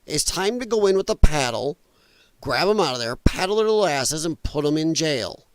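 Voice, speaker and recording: A man's voice: on the high side, very animated, normal speed, no echo. A man hosting an opinionated news commentary show, talking bluntly and mockingly, and rambling as he goes. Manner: rambling, trails off while scrolling. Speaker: podcast host.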